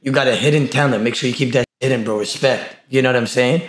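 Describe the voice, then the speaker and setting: A man's voice: mid-range voice, fast talker, echoey room. A young man from Brooklyn, New York, a streamer bantering with strangers on video chat in brash, teasing slang and roasting them bluntly.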